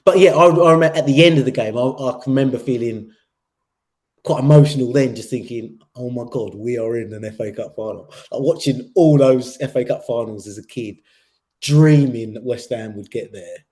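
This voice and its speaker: A man's voice: mid-range voice, a little fast, a little mellow. Earnest man with fillers. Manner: earnest, repeats himself, many fillers like "yeah" and "sort of thing". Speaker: podcast co-host. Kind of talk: casual chat.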